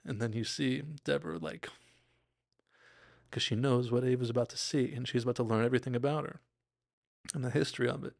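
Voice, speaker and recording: A man's voice: medium pitch, fairly even intonation, fairly quick, creaky, long pauses, no room sound, studio quality. A man hosting a podcast, giving an enthusiastic, rambling and self-deprecating casual recap of a TV episode. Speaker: podcast host.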